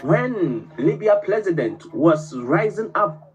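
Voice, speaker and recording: A man's voice: fairly high pitch, big pitch swings, a little slow, darkish tone, slightly rough, dull audio. A man from Ghana, calling in with a fervent, speech-like plea. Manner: fervent, builds to oratory. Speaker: caller. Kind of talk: impassioned call-in speech.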